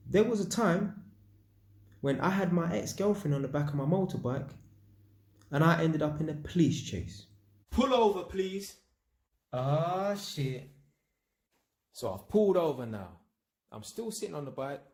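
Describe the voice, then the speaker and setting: A man's voice: a little high, a little mellow, reverberant. A man vlogging, telling a personal story in casual slang and acting out sound effects. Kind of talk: storytelling monologue.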